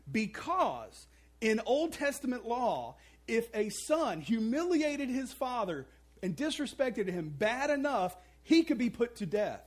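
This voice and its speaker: A man's voice: extremely high pitch, very animated, normal speed. A man preaching a sermon, telling a story with playful asides and acting out the characters' voices. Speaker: pastor.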